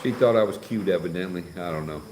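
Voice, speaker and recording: A man's voice: low-pitched, quick pace. Guy rambling and teasing on a night livestream, echoey, crickets faint behind. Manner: teasing, chatty, joking. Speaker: livestream host. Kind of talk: casual livestream chat reading comments. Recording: echoey with faint background noise.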